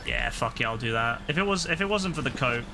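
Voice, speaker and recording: Sarcastic, sweary man gaming with a gravelly voice. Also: mid-range voice, animated, fast, music in the background. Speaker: gaming commentator. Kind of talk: casual gameplay commentary.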